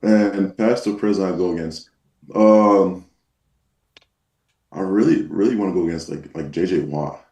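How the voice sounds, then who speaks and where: A young man, a football player, being interviewed in a relaxed way, with plenty of fillers like um and nah. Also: low-pitched, unhurried, pauses often. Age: young adult. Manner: laid-back, uses fillers like um and nah. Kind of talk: casual interview chat. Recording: echoey, distant call audio.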